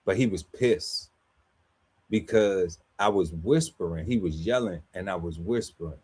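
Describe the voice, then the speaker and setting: A man's voice: sits low, moderate pace, darkish tone, husky. A man on a podcast panel telling a story in casual, slangy chat, laughing often and acting out quotes.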